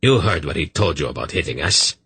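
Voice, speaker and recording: Man doing surly soldier, whiny, sullen, deep husky voice. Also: big pitch swings, brisk, pushed and bright, dry recording, heavily acted. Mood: whining. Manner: complaining, sullen. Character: surly whining male common soldier.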